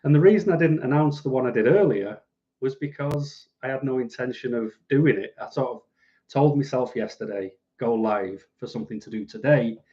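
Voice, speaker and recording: A man's voice: medium pitch, dark tone, dull audio. A middle-aged man chatting casually on a live stream at home, rambling and self-deprecating as he reads out viewer comments. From United Kingdom.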